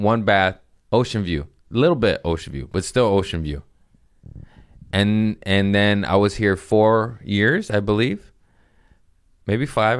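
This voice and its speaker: A man's voice: on the low side, no room sound, clean studio sound. A man hosting his own podcast in a rambling, comedic monologue, joking, swearing and laughing often at himself. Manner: joking, profane, self-mocking, laughs often. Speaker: podcast host. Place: his apartment.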